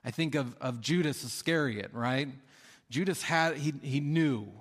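This sermon comes from a pastor whose voice sits at a medium pitch and moves at a measured pace. His delivery is casual and chatty, full of fillers, and he voices the characters in his stories. A long reverb from the hall hangs on every word.

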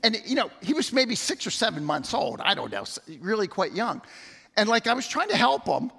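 This middle-aged pastor's voice sits high, pushed and bright, with vocal fry, a breathy edge, and big pitch swings at a brisk pace. His sermon is conversational, with repeated words and stories, recorded in a church sanctuary with long hall reverb.

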